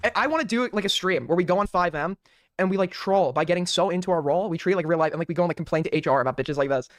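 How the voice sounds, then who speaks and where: A man's voice: high-pitched, very fast, dry recording. A man streaming, giving casual amused commentary on a roleplay clip, laughing and rambling with fillers. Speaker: streamer reacting to clips.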